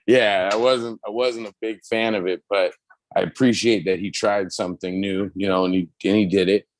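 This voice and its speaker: A man co-hosting a casual pop culture chat, talking loosely with lots of swearing and excited retelling. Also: fairly low pitch, normal speed, dry recording. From United States. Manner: loose, profane, excitable storytelling. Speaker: podcast co-host.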